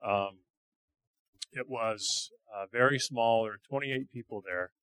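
A man sharing stories from a church mission trip in a halting, earnest way. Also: medium pitch, a bit bright, no echo, low-quality recording. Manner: halting, repeats words, earnest. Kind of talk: casual testimony talk.

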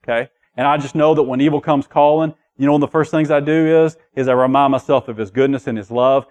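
A man preaching a sermon as pastor, dropping to quiet asides and rising to loud declarations, acting out quoted voices along the way. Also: mid-range voice, fairly even intonation, quick pace, hardly any pauses. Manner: preaching with big swings between soft asides and loud declarations.

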